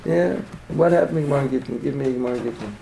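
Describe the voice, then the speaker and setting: Racing along in a gravelly, mid-range voice over background noise, this Torah teacher asks questions only to answer them himself. He keeps repeating points, tosses in "yeah?" to check in, and weaves Hebrew and Yiddish terms into his English.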